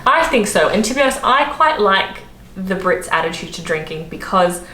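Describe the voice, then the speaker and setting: A woman's voice: medium pitch, big pitch swings, normal speed, sharp tone. A young Australian woman vlogging in a casual, chatty way, laughing often and using lots of fillers. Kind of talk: casual chat to camera. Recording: echoey room, faint background noise.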